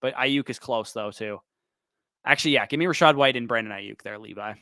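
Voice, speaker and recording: Bright, crisp man fielding rapid questions. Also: mid-range voice, no room sound. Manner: quick, listing names then picking one. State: losing his voice. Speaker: fantasy football show host. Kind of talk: livestream Q&A, rapid-fire start/sit answers.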